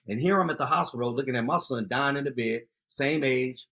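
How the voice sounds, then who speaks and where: A man in his fifties spins street stories in a casual interview with a husky, worn voice. He shifts into loud, animated bursts as he tells them, his pitch sitting in an ordinary middle range. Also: a little fast. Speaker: guest, youth outreach founder.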